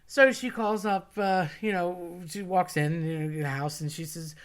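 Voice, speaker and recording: A woman casually telling a personal story in a chatty, animated way, acting out the voices of the people she quotes. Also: lowish voice, unhurried.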